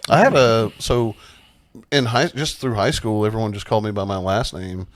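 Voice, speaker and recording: A man co-hosting a podcast, relaxed and easygoing in casual chat, often chiming in to agree. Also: fairly low pitch, moderate pace. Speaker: podcast co-host.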